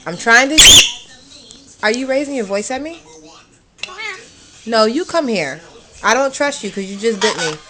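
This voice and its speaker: A woman's voice: on the high side, animated, a little slow, long pauses, a bit bright. A woman talking to her pet bird on a phone, teasing and scolding it in a playful way. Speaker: pet owner. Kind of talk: casual chat with a pet bird.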